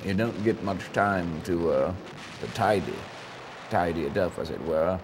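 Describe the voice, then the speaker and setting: An actor playing a pompous, rambling old British army sergeant in a mock interview, with a British accent. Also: male voice, low-pitched, measured pace, background noise.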